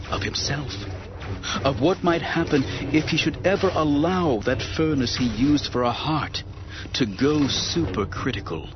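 A man giving dramatic, expressive audiobook narration. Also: mid-range voice. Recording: dull recording with music underneath.

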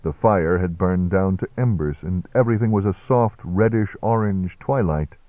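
A man narrating an audiobook in a measured, dry first-person delivery. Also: low voice, no room sound. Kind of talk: audiobook reading. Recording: dry, tinny narrow-band recording.

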